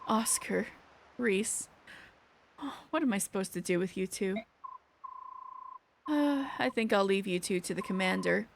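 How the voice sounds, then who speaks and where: A woman's voice: medium pitch, creaky, a little hiss or hum, voice pushed down. A woman voicing a stern female deputy commander who scolds her soldiers in a game. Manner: scolding, measured.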